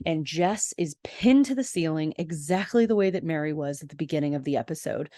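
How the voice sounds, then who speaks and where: A woman with a low, deep-set voice hosts a rewatch podcast, retelling an episode scene by scene. She reacts out loud as she goes, gasping and exclaiming. The sound is close and dry, with no room around it. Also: no echo. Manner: expressive, gasps and exclaims while retelling. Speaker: podcast host. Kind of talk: episode recap.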